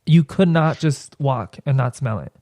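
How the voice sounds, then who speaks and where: Young dude w mexican accent, kinda hesitant, dry close sound. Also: male voice, medium pitch, lively intonation, measured pace, dark tone, no echo. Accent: Mexican Spanish. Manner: hesitant, repeats himself. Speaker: guest. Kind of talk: casual chat.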